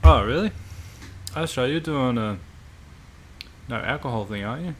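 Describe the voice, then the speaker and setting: A man's voice: medium pitch, moderate pace, a little hiss or hum. A man hosting a live stream, chatting casually and bluntly with viewers and swearing freely. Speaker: livestream host.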